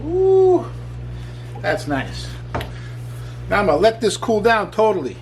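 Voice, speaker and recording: A cooking show host runs a casual demonstration in a kitchen, his voice sitting high with a gravelly texture and expressive delivery at a moderate pace. He's chatty and enthusiastic, tossing in joking asides, with some background noise audible.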